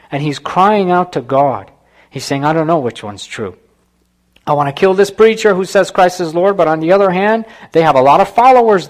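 A man preaching a sermon, retelling a story with rhetorical asides to the congregation. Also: on the high side.

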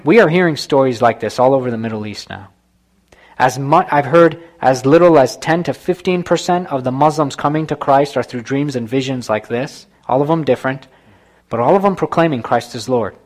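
A man's voice: mid-range voice, fairly quick. A man preaching a sermon, retelling a story with rhetorical asides to the congregation.

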